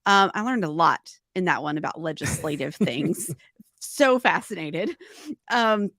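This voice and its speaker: A woman's voice: low-pitched, animated, a little slow, a bit bright, no room sound, studio quality. Giggly woman podcast co-host. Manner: giggly, reading off a list of guests. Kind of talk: casual live-stream chat.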